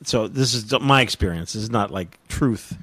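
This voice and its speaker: A man's voice: fairly low pitch, moderate pace, fairly bright tone, husky. A man hosting a casual podcast chat, rambling and restarting sentences with frequent laughs. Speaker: podcast host.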